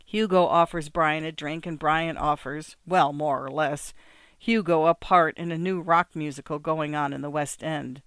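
Smooth-voiced man reading a novel. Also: a little high, steady tone, moderate pace, fairly bright tone, dry recording. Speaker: audiobook narrator. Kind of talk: scripted narration.

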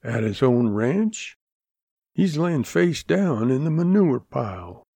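A man voicing a mild, slow-spoken cowboy in a western audiobook, with a higher, easy drawl. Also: very animated, gravelly, dark tone, no room sound, heavily acted. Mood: calm.

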